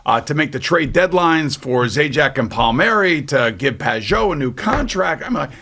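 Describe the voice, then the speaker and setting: An older man hosting sports radio, talking in an excitable, rambling, mock-indignant way. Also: fairly high pitch, normal speed.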